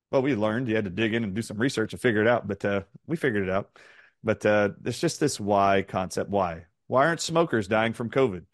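A middle-aged man from the southern United States, appearing as an interview guest, tells stories in an animated, emphatic way, firing off rapid questions. His voice sits on the low side with lively intonation. The recording is studio quality with no room sound.

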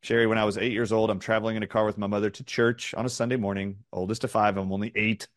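A man's voice: on the low side, flat delivery, no echo. Middle-aged southern-raised guy, emphatic, fires off questions, dry close sound. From southern United States. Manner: rapid-fire questioning, emphatic. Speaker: interview guest. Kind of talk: animated storytelling in an interview.

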